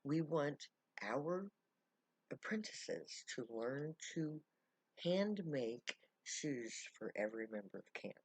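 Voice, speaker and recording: A woman's voice: a bass voice, sing-song, takes it slowly, darkish tone, husky, no room sound, full character voice, low-quality recording. A woman doing an earnest formal camp guide.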